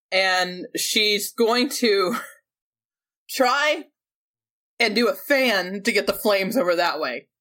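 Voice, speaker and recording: Woman, player, bright tense voice, third-person action narration. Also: medium pitch, lively intonation, drawn-out words, pauses often. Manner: describes her character's actions in third person. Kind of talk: tabletop game play.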